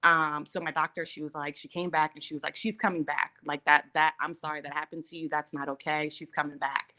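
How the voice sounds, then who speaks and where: A woman hosting a casual chat, telling a personal story in an animated way, acting out the people she quotes and laughing between lines. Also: low-pitched, fairly quick.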